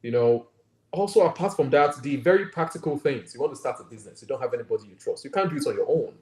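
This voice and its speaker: A man's voice: medium pitch, fast, a little mellow. A man with a Nigerian accent, a guest doctor in an interview, talking earnestly and reflectively and often checking in with "right?". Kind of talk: conversational interview. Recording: roomy echo.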